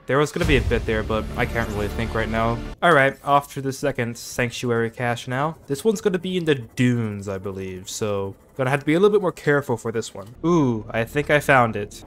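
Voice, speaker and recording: A man giving joking, self-mocking commentary over his own gameplay, quick to get startled. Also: medium pitch, a bit bright, faint music behind. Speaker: gaming video creator.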